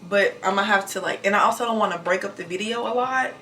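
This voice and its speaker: A young woman in her twenties talking fast and casually while getting ready in her bathroom, recorded on a camera mic. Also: medium pitch, a bit bright, slight background noise. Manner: talks fast without pauses, breathy between sentences. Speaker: nurse vlogger. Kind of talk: casual get-ready-with-me vlog. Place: home bathroom.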